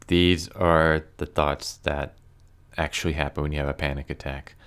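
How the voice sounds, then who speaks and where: Man, very low voice, resonant, casual commentary, earnest, lots of fillers and restarts. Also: steady tone, moderate pace, a bit bright, smooth. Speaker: YouTuber reviewing comics.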